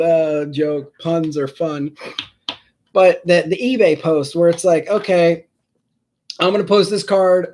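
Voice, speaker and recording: Rambling high-voiced sports card streamer. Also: male voice, dark tone. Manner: rambling, self-deprecating, talks to chat viewers by name. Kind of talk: casual rambling live-stream chat.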